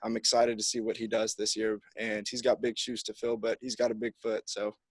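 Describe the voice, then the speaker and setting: A man's voice: fairly low pitch, completely flat delivery, fairly quick, slightly rough, dry recording. A young man, a college football kicker, answering press conference questions in an upbeat, easygoing way. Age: young adult.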